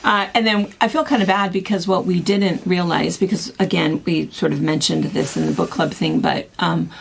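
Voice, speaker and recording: Gravelly middle-aged woman chatting. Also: on the low side, normal speed, slight background noise. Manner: rambling, animated storytelling. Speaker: co-host. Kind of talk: casual chat.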